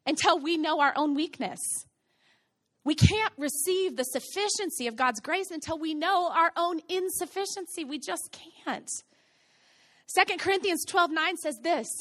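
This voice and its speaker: A woman's voice: high-pitched, fairly bright tone. A woman in her thirties, a pastor preaching a sermon, earnest and building to emphatic repetition.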